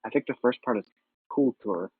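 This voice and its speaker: A man's voice: medium pitch, brisk, husky, no room sound. A man on a voice call, chatting casually, playful and hesitant as he tries out names. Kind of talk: casual chat. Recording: tinny, dry voice-call line.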